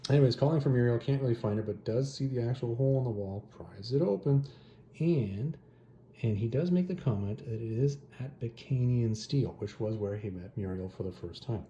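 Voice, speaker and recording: A man's voice: medium pitch, a little fast, mellow, muffled recording. A man hosting a comic review channel, recapping a story in a casual, rambling way with offhand asides. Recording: echoey room with faint noise.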